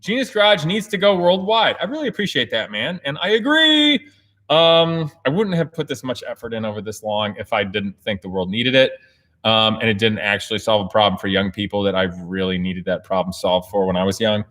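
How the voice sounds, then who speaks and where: An American man hosting a casual livestream Q&A from an indoor race shop, talking in an energetic, excitable way and laughing often. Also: fairly low pitch, fairly quick. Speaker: host.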